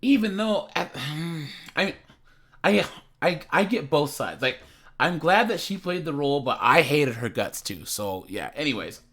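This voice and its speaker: A man's voice: a little high, sing-song, a little slow, a bit bright. A man hosting a reaction channel, chatting casually and rambling, repeating words and laughing often.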